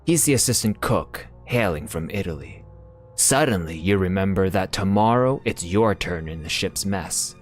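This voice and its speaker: A man narrating a game's story text aloud in a measured, brooding delivery as a let's-play host. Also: low-pitched, lively intonation, faint music behind. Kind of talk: slow dramatic narration of game text.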